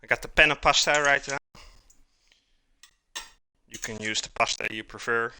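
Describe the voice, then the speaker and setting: A man's voice: mid-range voice, normal speed, sharp tone, slight background noise. A man hosting a live cooking stream, chatting casually and calling his viewers "guys" as he cooks.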